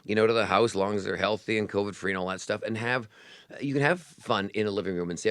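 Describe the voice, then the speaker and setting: Fast-talking man with a low voice. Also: a bit bright, smooth, dry recording, studio quality. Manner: chatty, joking, rapid. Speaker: guest magician and producer. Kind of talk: casual chat.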